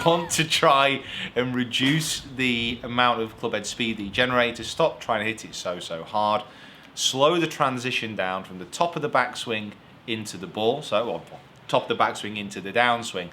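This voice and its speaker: A man's voice: medium pitch, lively intonation, moderate pace, pushed and bright, a little hiss or hum. A young man from the United Kingdom, a golf coach co-hosting a casual Q&A. He talks in an easygoing, rambling way. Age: young adult. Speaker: golf coach and show co-host. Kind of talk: casual Q&A chat.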